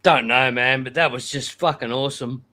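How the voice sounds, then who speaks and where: A man's voice: mid-range voice, steady tone, normal speed, pushed and bright. A laid-back man hosting a casual music session, chatting and heaping enthusiastic praise on a friend. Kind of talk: casual chat.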